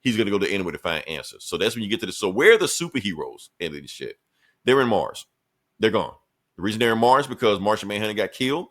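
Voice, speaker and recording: A man's voice: fairly low pitch, sing-song, fast talker, fairly bright tone. A man co-hosting a podcast, loosely recapping a comic book issue in a profane, joking way with frequent laughs. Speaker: podcast co-host.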